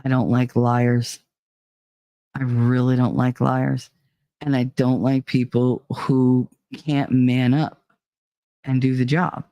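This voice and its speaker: A woman's voice: rumbling low, little pitch movement, slow, pauses often, warm tone, no room sound, dull audio. A middle-aged woman hosting a casual solo talk show, blunt and opinionated, swearing freely and laughing often. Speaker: podcast host.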